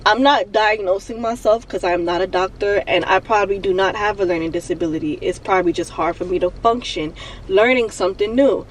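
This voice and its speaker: A young woman on the edge of tears talks into her phone from a parked car, halting and repeating herself as she vents. Her voice sits a little back from the mic, with a faint hum of road and cabin noise underneath. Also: medium pitch, recorded from a distance, low-quality recording. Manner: raw, halting, repeats herself while venting. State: emotional, near tears. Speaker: vlogger. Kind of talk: emotional confessional vlog.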